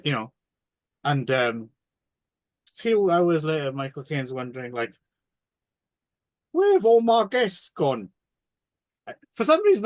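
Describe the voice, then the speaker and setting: A man's voice: medium pitch, no room sound. A man co-hosting a casual film podcast, rambling and joking through crude anecdotes. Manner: rambling, jokey, tells crude anecdotes with restarts. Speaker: podcast co-host.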